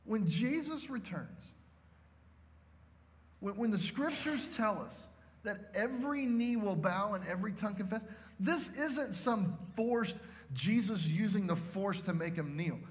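This pastor's high, expressive voice moves a little slowly as he preaches with big-room acoustics. He tells his story with emphasis, often turning to the crowd with "okay?"

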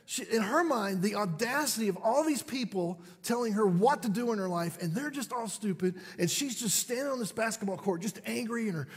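Man, higher pitched and a bit husky, animated storyteller poking fun at himself, big hall echo. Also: brisk, hardly any pauses. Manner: animated, self-deprecating storyteller. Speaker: parent and speaker. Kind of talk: storytelling talk to an audience.

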